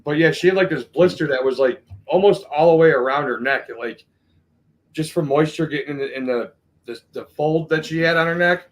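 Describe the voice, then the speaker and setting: A man's voice: on the high side, a little fast, low-quality recording. A man co-hosting a casual podcast chat, telling stories loosely and reading out viewer messages. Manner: loose, filler-heavy storytelling, reads out viewer messages. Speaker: podcast co-host.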